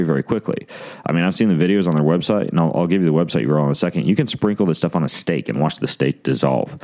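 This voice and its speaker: Very deep-voiced man reading podcast ads. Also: a little mellow. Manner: joking, rambling, self-mocking. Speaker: podcast host. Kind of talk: casual ad read.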